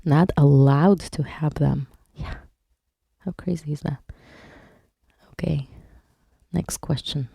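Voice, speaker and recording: A woman's voice: low-pitched, steady tone, takes it slowly, vocal fry, pauses often, warm tone, husky, no echo. A woman hypnotherapist leading a live online workshop, reading viewers' chat aloud and explaining patiently, with some wordplay. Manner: plays on words while teaching.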